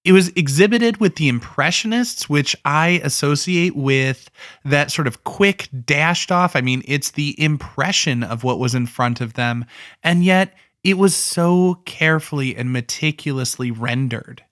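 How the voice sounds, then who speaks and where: A man explaining a painting in a relaxed, conversational way, thinking aloud with asides. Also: a little high, a little slow, no room sound, clean studio sound. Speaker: art educator. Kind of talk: casual art history explainer.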